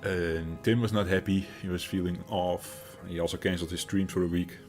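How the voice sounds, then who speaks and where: Low-voiced Dutch man chatting on stream. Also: steady tone, normal speed, music in the background. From Netherlands. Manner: chatty, reads out and answers chat, rambling with fillers. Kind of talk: casual live-stream chat.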